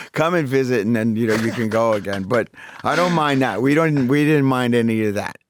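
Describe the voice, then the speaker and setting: A man's voice: mid-range voice, normal speed, a little hiss or hum. A man, a guest talking candidly in a studio interview, swearing freely and repeating words while he searches for them. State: recovering voice after vocal surgery. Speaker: interview guest, rock singer.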